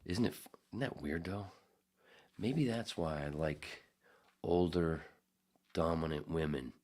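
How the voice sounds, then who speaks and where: A man's voice: deep voice, unhurried, darkish tone. A man hosting a casual podcast, reading out chat comments and rambling through crude, profane jokes. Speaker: podcast host.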